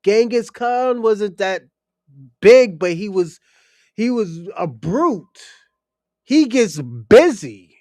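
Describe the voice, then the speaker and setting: A man's voice: high voice, big pitch swings, slow, pauses often, darkish tone, no room sound, studio quality. A man ranting bluntly and crudely on a stream, full of swagger. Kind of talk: profane opinion rant.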